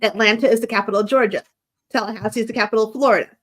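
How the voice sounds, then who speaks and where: A woman's voice: on the high side, fairly even intonation, very fast, fairly bright tone. A woman from the United States chatting casually and explaining things patiently, laughing easily. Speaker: guest co-investigator. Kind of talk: casual chat.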